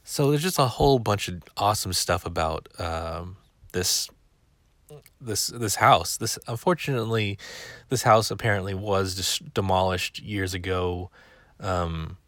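A man's voice: sits low, a little slow, a bit bright, no echo. A man hosting a podcast, rambling in a chatty, wry way. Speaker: podcast host. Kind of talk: casual chat.

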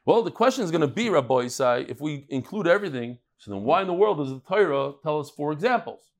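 A man from Brooklyn giving a daily Talmud lecture to a live class, animated and emphatic, firing questions and quick asides at his students. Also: a little high. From Brooklyn, New York. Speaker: Talmud teacher.

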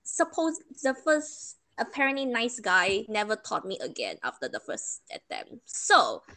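A young woman tells a story in casual chat, her bright with laughter and sarcastic asides. Her voice sits fairly high and leaps widely in pitch as she talks. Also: huge pitch swings, measured pace.

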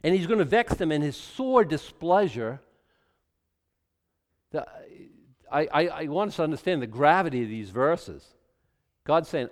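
Animated, lively male preacher. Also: fairly high pitch, unhurried, pauses often, big-room sound. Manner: animated and conversational, with repeated restarts. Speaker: pastor teaching a Bible study. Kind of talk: sermon-style verse-by-verse teaching.

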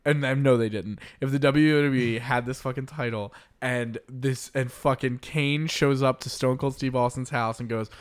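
A young man co-hosting a casual podcast, animated and profane, often laughing. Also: mid-range voice, moderate pace, few pauses, clean tone. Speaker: podcast co-host.

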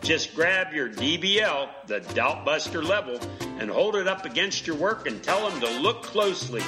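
A folksy pitchman, as a man puts him on, sells a gadget in a spoof radio ad. He has a smooth, reassuring patter in a slightly high voice, and loud salsa music plays underneath. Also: sing-song, normal speed. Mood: salesy. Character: folksy male tool-company pitchman. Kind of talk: mock radio commercial.

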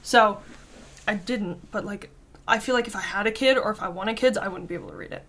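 A woman's voice: mid-range voice, brisk, a bit bright. A young woman in casual podcast chat, rambling with lots of fillers and casual swearing. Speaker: podcast guest.

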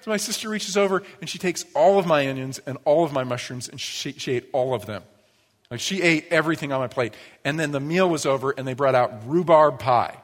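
A pastor giving a sermon, telling stories in a lively, conversational way. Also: male voice, medium pitch, fairly quick. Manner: storytelling, animated, acts out quoted voices. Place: church sanctuary. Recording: long church reverb.

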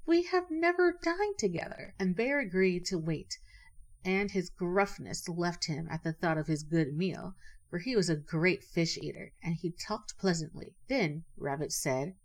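Storybook narrator, woman, a bit low, gentle even read. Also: measured pace.

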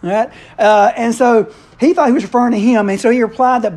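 A man's voice: very high-pitched, steady tone, darkish tone. A man preaching a casual, conversational sermon, playfully acting out the characters' lines. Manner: playful, acts out characters' lines in quick voices.

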